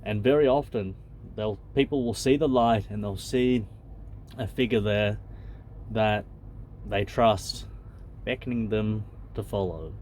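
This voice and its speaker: A man's voice: fairly low pitch, a little slow, long pauses, darkish tone, slight background noise. A man, a channel host who reads a spiritual text aloud and comments on it in a blunt, loose and conversational way, swearing freely.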